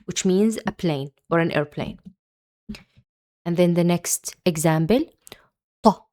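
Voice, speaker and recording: Female language teacher, slow and deliberate, low-ish voice, drills each sound patiently. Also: warm tone. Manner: patient, repeats each sound several times. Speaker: Arabic teacher. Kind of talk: slow, careful pronunciation lesson.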